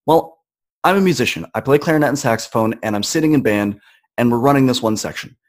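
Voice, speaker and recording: A man's voice: medium pitch, quick pace. Earnest young man telling a story. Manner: earnest, conversational, acts out quoted voices. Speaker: podcast guest. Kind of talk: personal storytelling in conversation.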